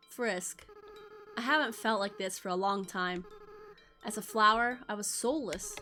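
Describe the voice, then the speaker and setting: A woman reading the lines of a young goat-monster boy in a game, soft and halting, remorseful and tender. She sounds close to her everyday voice. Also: fairly high pitch. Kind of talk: reading game dialogue aloud.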